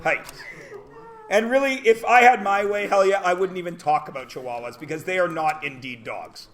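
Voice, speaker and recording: A man teaching a math class, lecturing with loud jokes and rants that break into shouts. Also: high-pitched, normal speed.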